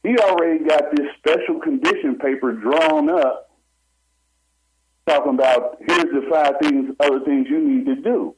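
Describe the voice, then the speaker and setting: A man's voice: fairly high pitch, measured pace. A man, a barber and homeowner, telling his own story to a talk show host with urgency and acting out what other people said. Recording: slightly muffled with faint noise.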